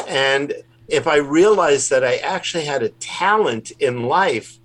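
Rambling rabbi chatting on a call. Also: male voice, mid-range voice, unhurried, fairly bright tone. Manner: rambling, self-deprecating. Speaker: rabbi and puppeteer guest. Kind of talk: casual interview chat. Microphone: remote call.

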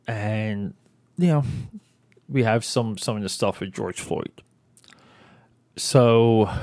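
A man's voice: fairly low pitch, dry recording. A young adult man hosting his own podcast, talking in a casual, rambling, hype-building monologue. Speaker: podcast host.

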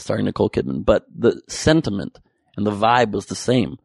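Male comedian, sarcastic and profane, gravelly edge, dry close sound. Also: fairly low pitch, expressive, a little fast, a little mellow, no room sound. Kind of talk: topical comedy monologue.

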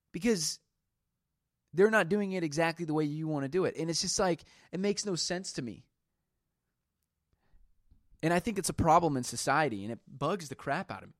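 A man's voice: a little high, animated, moderate pace, long pauses, dry recording, clean studio sound. A man hosting a solo podcast, ranting about a pet peeve and retelling arguments with quoted back-and-forth. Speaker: podcast host. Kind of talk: solo venting podcast monologue.

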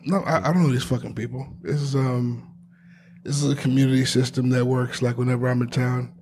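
A man's voice: medium pitch, flat delivery, darkish tone, a little hiss or hum. A man co-hosting a casual podcast, joking and cursing as he talks, sometimes rapping a freestyle. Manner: profane, joking, rapid asides. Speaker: podcast co-host.

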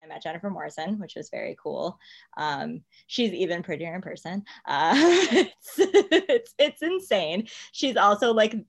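A woman fan writer in casual interview chat, animated and giggly. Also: mid-range voice, measured pace, breathy edge.

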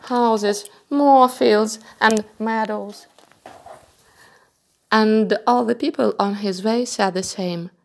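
A woman narrating a children's storybook chapter in a measured, even reading voice. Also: fairly high pitch, vocal fry.

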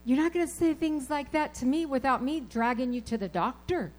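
A woman preaching a sermon, telling personal stories in an animated, emphatic way and repeating her key phrases. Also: high voice, a little fast, rough recording.

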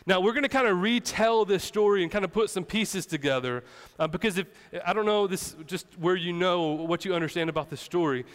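A man's voice: high voice, moderate pace, a bit bright, in a large hall. A man preaching a sermon as pastor, in a casual, conversational way with playful asides.

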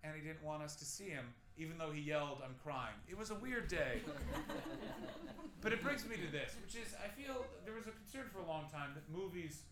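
A man's voice: on the high side, expressive, normal speed, roomy sound, poor audio. A man in his thirties doing a stand-up set on a club stage, telling rambling, self-deprecating stories with crude asides. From Canada. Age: 30s. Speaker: stand-up comedian.

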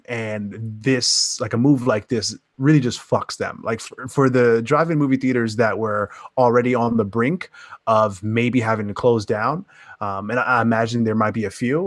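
A man's voice: mid-range voice, no room sound, clean studio sound. A man co-hosting a casual podcast, thinking aloud in a loose, profane way, checking in with "right?" and "you know". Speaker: podcast co-host.

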